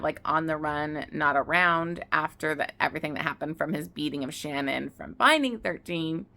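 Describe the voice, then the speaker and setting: Her voice sits low with a sharp tone as this young woman vlogs casually outdoors about books. She's tearful and emotional, rambling and repeatedly restarting her sentences.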